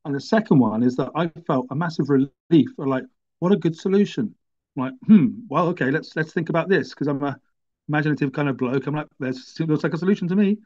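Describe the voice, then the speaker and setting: A man's voice: a little high, fast talker, a little mellow. A middle-aged man with a stutter tells his story in a wry, self-deprecating way. His sound is a little dull and lo-fi. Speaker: guest. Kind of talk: conversational storytelling.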